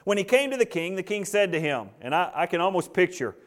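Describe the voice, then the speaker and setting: A man preaching a sermon, acting out the characters' lines with swings between loud and hushed. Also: high voice, sing-song, quick pace, hardly any pauses. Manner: dramatic, acts out the characters' lines. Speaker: pastor.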